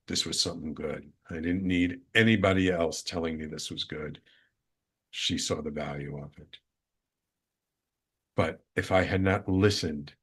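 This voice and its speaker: A man's voice: low-pitched, husky. A male radio host telling a personal spiritual story in an earnest, reflective way, repeating phrases for emphasis.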